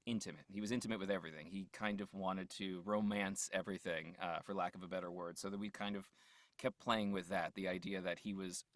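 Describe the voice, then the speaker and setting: A man's voice: low-pitched, steady tone, brisk, no echo. Man, voice actor guest, casual rambling talk, frequent laughs, dry close sound. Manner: loose and rambling, laughs often, trails off mid-thought. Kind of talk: casual interview chat.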